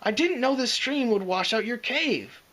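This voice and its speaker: Brief: man as a young dragon kid, higher voice, pleading and insolent, storybook reading. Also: animated, normal speed, a bit bright, exaggerated voice. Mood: defiant. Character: young boy dragon, defiant but scared.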